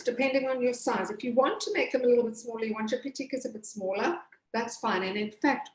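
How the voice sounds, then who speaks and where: A woman pastry chef explains her dish step by step, chatty and full of little fillers. Her voice sits a bit high. The room around her is echoey. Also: a little hiss or hum. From Zimbabwe. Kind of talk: cooking demonstration with chat.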